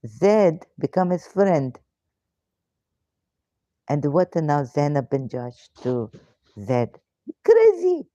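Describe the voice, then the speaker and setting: A woman's voice: low voice, lively intonation, slow, long pauses, warm tone, no echo. A woman hosting a live question-and-answer talk, emphatic and indignant, piling up rhetorical questions with hesitant fillers and broken grammar, on dull lo-fi stream audio. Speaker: ex-Muslim question-and-answer host.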